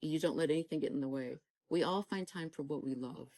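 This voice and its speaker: A woman's voice: low-pitched, fairly quick, a little mellow, no room sound, poor audio. A woman sharing a personal faith testimony in an interview, talking earnestly and urging listeners on, often acting out the dialogue she recalls. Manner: fervent, exhorting, acts out quoted dialogue.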